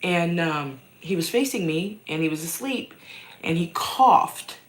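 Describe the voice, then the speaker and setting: A woman answers her viewers' questions on a relaxed home livestream set downstairs, rambling and poking fun at herself. Her fairly low voice is animated yet unhurried, repeatedly interrupted by a cough.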